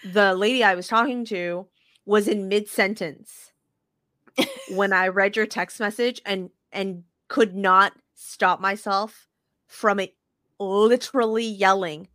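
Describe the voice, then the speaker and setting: A woman co-hosting a sports podcast, telling stories in an animated, profane way with lots of restarts. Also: mid-range voice, takes it slowly, no echo, studio quality. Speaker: podcast co-host. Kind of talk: casual sports chat.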